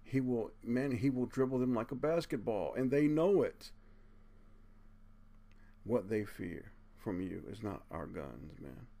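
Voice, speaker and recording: Gravelly low-voiced man preaching to viewers. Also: dark tone. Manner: earnest and preachy, keeps tacking on "man"; blunt, curses casually. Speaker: video channel host. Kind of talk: impassioned monologue to viewers.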